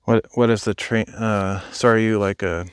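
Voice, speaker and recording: A man's voice: lowish voice, fairly even intonation, moderate pace, clean tone, no room sound, clean studio sound. A young adult man live streaming while hiking outdoors, chatting casually and thinking aloud as he answers viewers. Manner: rambling, thinking aloud, replies to chat. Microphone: phone.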